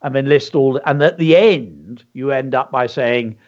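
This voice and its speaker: A man's voice: medium pitch, measured pace. A man co-hosting a children's show, speaking in an enthusiastic, teacherly way and stressing words carefully. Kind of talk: educational chat for children. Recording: dull lo-fi sound.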